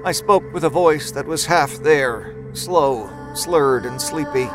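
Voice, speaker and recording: Higher-voiced male horror narrator. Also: rough recording. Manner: measured, dramatic storytelling. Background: music score.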